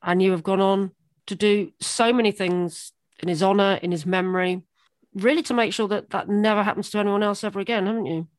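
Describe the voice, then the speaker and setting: An interviewer who asks questions gently and attentively. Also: mid-range voice, steady tone, brisk, no room sound. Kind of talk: sympathetic interview.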